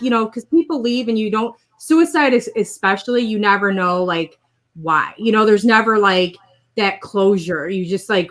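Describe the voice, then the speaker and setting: Rambling woman telling a story. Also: a little high. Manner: rambling, animated retelling with quoted voices and laughs. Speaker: guest sharing a personal story. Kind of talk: casual storytelling conversation.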